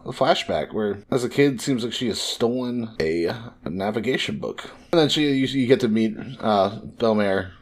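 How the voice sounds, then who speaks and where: A man's voice: fairly low pitch, normal speed. A young man in casual podcast chat, recapping a story and acting out the lines, swearing now and then. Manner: animated, recaps scenes by acting out quotes. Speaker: podcast co-host, first-time reader.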